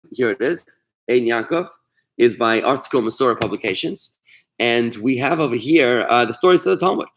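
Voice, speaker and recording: This is a middle-aged man, a rabbi, teaching Talmud in a relaxed online class. His voice sits at an ordinary pitch. He tells stories with animated energy and often restarts his sentences. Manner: animated storyteller, warm asides, many restarts. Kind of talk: casual online Torah class.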